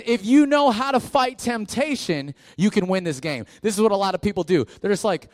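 A man, a youth pastor and guest speaker, giving an energetic call-and-response sermon, joking and shouting key words. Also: high-pitched, fast, hardly any pauses.

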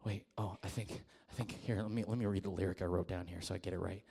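A young man preaching a lively, jokey sermon, acting out listeners' voices and swinging between loud calls and hushed asides. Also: low voice, quick pace, creaky, slightly rough. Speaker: pastor. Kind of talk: energetic youth sermon.

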